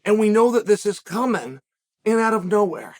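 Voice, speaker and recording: Man, middle-aged, solo commentary host, very high voice, emphatic shouted bursts. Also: animated, moderate pace. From western United States.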